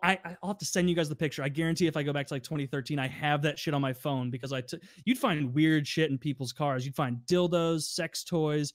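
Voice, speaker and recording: Animated storytelling man, dry close mic. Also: a little high, fast, few pauses, no room sound. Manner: animated, profane, acts out customers in raised voices. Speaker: podcast co-host telling stories. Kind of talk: casual storytelling.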